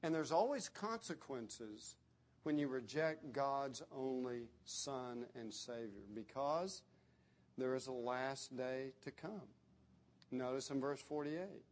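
A man preaching a sermon, emphatic and deliberate, with repetitions. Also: mid-range voice, lively intonation, a bit bright.

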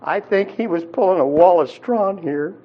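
A man's voice: high-pitched, moderate pace, muffled recording. A man preaching a sermon in a conversational teaching style, with frequent fillers and restarts. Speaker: pastor.

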